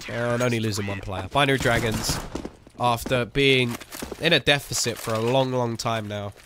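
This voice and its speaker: A man casting a competitive shooter match solo, calling the plays with sudden rises in excitement and chatting with his viewers between rounds. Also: medium pitch, moderate pace, heavy background noise. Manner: excitable play-by-play that slips into chat with viewers. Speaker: esports caster. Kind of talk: live game commentary. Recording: game gunfire and clicks behind the voice.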